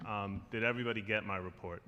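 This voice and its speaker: A man's voice: lowish voice, fairly even intonation, fast talker, pushed and bright, long reverb tail, muffled recording. A man giving the district manager's report at a community board meeting, direct and matter-of-fact.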